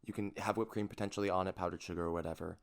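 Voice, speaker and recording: A man co-hosts a podcast in a casual chat. He talks with a lowish voice. His manner is eager and rambling. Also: fairly even intonation, racing, creaky. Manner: enthusiastic, rambling. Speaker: podcast co-host.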